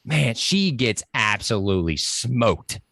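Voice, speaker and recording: An animated man in a casual movie chat, breaking into high-pitched exclamations whenever a scene excites him. His voice sits at a middling pitch and is recorded close to the mic. The sound is dry, with no room echo. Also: takes it slowly, creaky. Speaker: pop culture podcast guest. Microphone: close microphone.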